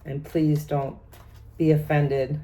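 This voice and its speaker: Low-voiced middle-aged woman reading tarot. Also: level tone, slow, warm tone. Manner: chatty, reads card meanings as lists, laughs often. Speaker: tarot reader. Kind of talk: casual tarot reading vlog.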